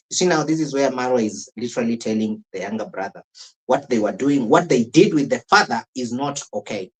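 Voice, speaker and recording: A Kenyan man hosts a casual live reaction stream. He talks in a loose, opinionated way, reacts to clips as they play and greets viewers by name. His voice sits at an ordinary middle pitch. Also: lively intonation, fairly quick, poor audio. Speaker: streamer reacting to a reality show.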